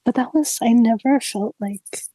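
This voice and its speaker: A young woman streamer casually telling a ghost story, animated and giggly, full of "like" fillers. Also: on the high side, unhurried, dry recording, rough recording. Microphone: streaming mic.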